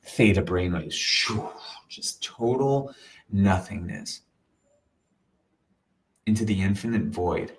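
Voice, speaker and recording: A man telling an earnest personal story in a casual way, animated and full of sound-effect words, sometimes dropping to a soft near-whisper. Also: deep voice, takes it slowly, gravelly, pauses often, low-quality recording. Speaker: meditation teacher.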